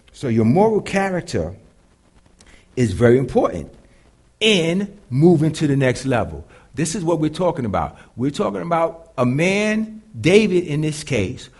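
A man with a deep voice preaching a sermon to a live congregation, moving between loud and hushed delivery. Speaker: pastor.

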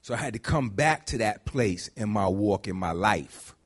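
A man preaching a conversational sermon, dropping to low murmurs and climbing to high shouts. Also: animated, normal speed. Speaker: pastor.

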